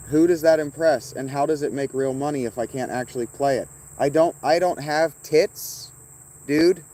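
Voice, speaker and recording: Mellow-voiced man taunting his chat. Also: medium pitch, a little hiss or hum. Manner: profane, taunting viewers by name, rambling. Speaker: streamer reading chat. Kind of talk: casual livestream chat.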